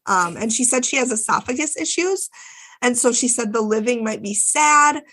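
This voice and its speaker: A woman's voice: a little high, normal speed, fairly bright tone. A woman co-hosting a podcast, recapping a TV episode in casual, chatty talk with plenty of fillers and swearing. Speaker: podcast co-host.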